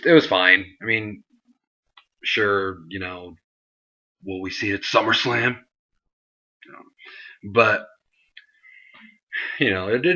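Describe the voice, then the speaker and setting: A man's voice: fairly low pitch, sharp tone, dull audio. A young man casually reviewing a wrestling show in a chatty, rambling way. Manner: chatty, rambling, lots of fillers. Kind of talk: casual recap monologue.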